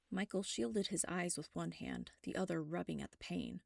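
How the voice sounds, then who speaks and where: A woman reading a first-person web serial aloud, steady and wry. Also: fairly low pitch, normal speed, gravelly, hardly any pauses, no room sound, clean studio sound. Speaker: narrator.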